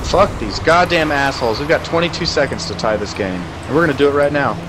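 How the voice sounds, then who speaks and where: A young man streaming a car soccer game, chatting casually with crude jokes and shouting at plays. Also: medium pitch, fairly quick, noisy background.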